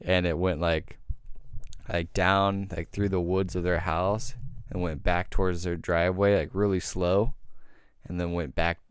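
A podcast host telling a story in casual chat, rambling and swearing often. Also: male voice, deep voice, level tone, a little slow, smooth, dry recording, studio quality. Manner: rambling, profane, heavy filler words.

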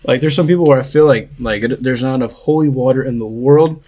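A man's voice: mid-range voice, quick pace, mellow. A young man in casual podcast chat, telling a long story full of fillers and restarts. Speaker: podcast host.

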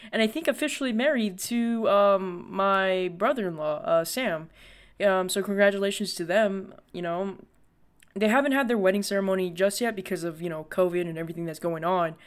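A young man hosts his own podcast, delivering a loose, chatty solo monologue that rambles along with plenty of "like" and "you know." His voice is high, clear, and resonant.

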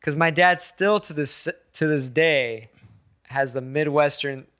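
Bright-voiced joking man. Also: on the high side, measured pace, clear, resonant tone. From western United States. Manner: swearing, joking, teasing. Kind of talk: casual chat.

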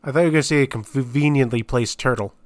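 A man co-hosting a podcast, discussing a movie in casual chat with deadpan, dry jokes. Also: mid-range voice, quick pace, no echo. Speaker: podcast co-host.

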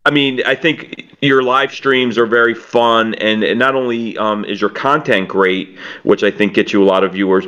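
A man's voice: on the low side, a bit bright, dull audio. A man hosting a casual podcast interview, encouraging and complimentary toward his guest. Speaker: podcast host.

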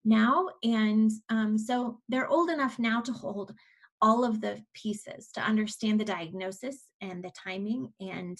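A woman's voice: mid-range voice, measured pace. A woman in her forties, a podcast guest, telling a personal story in a candid, reflective way with frequent restarts.

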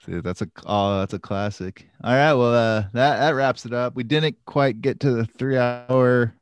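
A man's voice: mid-range voice, normal speed, smooth. A man co-hosting a casual podcast, rambling and joking as he talks. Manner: rambling, joking, full of fillers. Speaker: podcast co-host. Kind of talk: casual chat.

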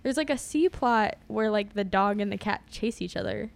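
A woman's voice: mid-range voice, normal speed, vocal fry. A woman casually recapping a movie in a chatty, wry way, laughing often as she talks. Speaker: podcast co-host.

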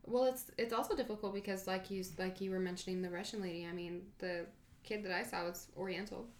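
A woman co-hosting a podcast in casual chat, tossing in dry, deadpan jokes. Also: mid-range voice, fast talker, slight background noise. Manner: joking, deadpan asides. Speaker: podcast co-host.

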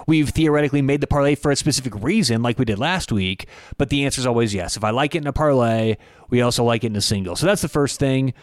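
A man's voice: medium pitch, dry recording. Young guy hosting a betting show, blunt and opinionated, rambles and restarts, dry close mic sound. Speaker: sports betting podcast host. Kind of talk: casual solo commentary.

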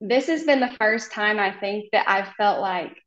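A woman's voice: medium pitch, normal speed, fairly bright tone, echoey room, highs cut off. A woman from Oklahoma, a hairstylist guesting on a podcast, talking in a friendly, rambling way with many ums. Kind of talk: casual podcast interview.

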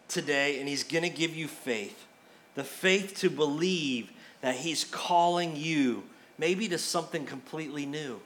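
A middle-aged man preaching a sermon to his church. His voice sits high for a man. He drives his points home by repeating key phrases with emphasis. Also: a bit bright. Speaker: pastor.

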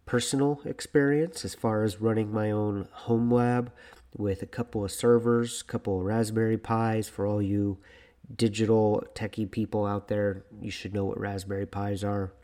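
A man's voice: lowish voice, fairly even intonation, normal speed, mellow. A young man hosting his own podcast, talking alone in a rambling, self-deprecating way. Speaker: podcast host. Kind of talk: casual solo podcast monologue.

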